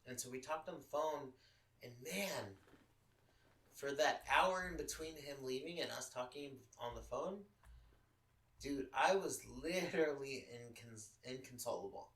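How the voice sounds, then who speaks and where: A man's voice: mid-range voice, a little slow, a bit bright, roomy sound, recorded from a distance, low-quality recording. A man from Los Angeles hosting a podcast, telling a personal story in casual chat, candid and full of swearing. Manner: profane, candid, emotional storytelling. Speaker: podcast host.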